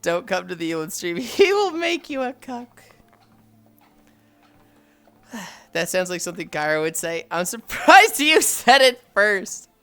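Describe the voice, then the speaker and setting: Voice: mid-range voice, big pitch swings, normal speed, a bit bright, clean tone. A livestreamer chatting casually with viewers, telling stories with frequent sighs and laughs. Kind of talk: casual live-stream chat.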